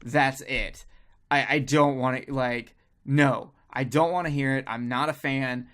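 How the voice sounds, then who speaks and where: A man hosting a casual podcast, talking at a middle pitch. He rambles through restarts and drops crude jokes as he chats with friends. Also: steady tone, measured pace, fairly bright tone. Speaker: podcast co-host.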